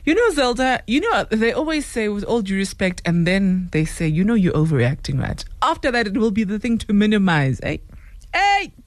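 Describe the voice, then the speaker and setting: South African man, radio host, playful, lively swinging pitch, dry studio sound. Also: a little fast, few pauses, no room sound. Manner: playful, reacts with hums and exclamations. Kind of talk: casual radio talk.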